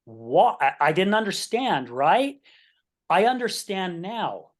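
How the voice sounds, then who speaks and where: A man's voice: high-pitched, takes it slowly. A man hosting an interview show, telling stories animatedly and checking in with frequent "right?". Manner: animated storyteller, keeps asking "right?". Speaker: podcast host. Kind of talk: interview conversation with storytelling.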